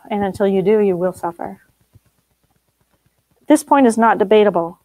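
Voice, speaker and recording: A woman's voice: mid-range voice, measured pace, mellow, no echo, low-quality recording. A middle-aged woman teaching a spiritual group, blunt and emphatic, laughing often.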